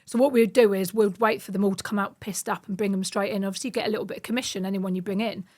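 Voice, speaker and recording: Fast-talking woman telling wild stories. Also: medium pitch. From United Kingdom. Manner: animated, acts out quoted voices. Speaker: podcast guest. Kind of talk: casual storytelling.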